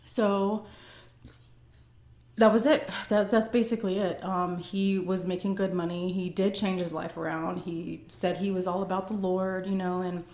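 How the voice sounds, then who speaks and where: A woman's voice: fairly low pitch, darkish tone. A woman vlogger telling a personal story in a casual, chatty way, with many "like" and "um" fillers. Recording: echoey room.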